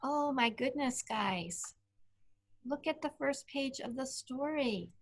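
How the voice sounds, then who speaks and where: A woman teacher leading an online reading lesson, patient and clear, asking the children questions. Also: sits high, animated, takes it slowly.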